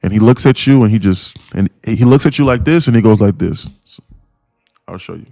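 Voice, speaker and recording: A man hosting a live day trading stream, rambling and swearing freely as he talks. His voice sits fairly low. The sound is dry and close, with no room echo. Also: a little fast, vocal fry, warm tone. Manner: rambling and profane, with many fillers. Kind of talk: casual livestream chat.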